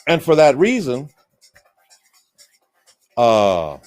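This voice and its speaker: A man's voice: medium pitch, wildly swooping pitch, drawn-out words, a little mellow. A man from the United States hosting a loose, rambling, folksy livestream monologue while drinking beer. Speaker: livestream host.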